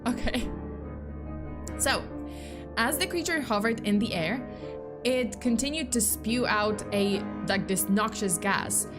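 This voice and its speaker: A woman's voice: a little high, takes it slowly, pauses often, music in the background. A woman streamer telling a spooky story in a chatty, playful way with lots of fillers.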